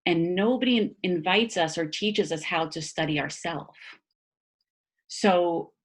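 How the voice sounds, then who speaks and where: A woman speaking as a body-mind therapist guest in a casual conversation, animated, laughing often and using many fillers and restarts. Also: on the low side, measured pace.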